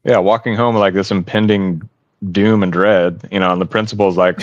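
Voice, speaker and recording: Man, very low voice, rambling story, lots of uhs, muffled dry sound. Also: fairly even intonation, moderate pace, no room sound. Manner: rambling, many "uh" and "um" fillers. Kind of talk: casual storytelling.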